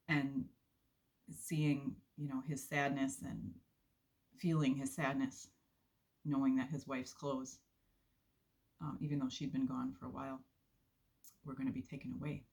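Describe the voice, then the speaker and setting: A woman giving an earnest, unhurried devotional talk with soft laughs, sharing a faith testimony from her volunteer work. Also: a bass voice, level tone, gravelly, slightly rough.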